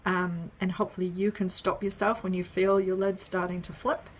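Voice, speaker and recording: A woman's voice: lowish voice, level tone, normal speed, a little hiss or hum. A woman explaining an idea in a casual video, step by step, with frequent ums and "right?" checks. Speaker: parenting educator.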